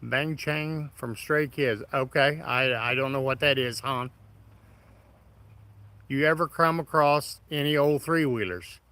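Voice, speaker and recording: A man's voice: medium pitch, unhurried, pushed and bright, no echo, low-quality recording. A man hosting a casual live stream, greeting viewers by name in a folksy, friendly way. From Midwest of the United States. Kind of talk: casual live stream chat reading comments.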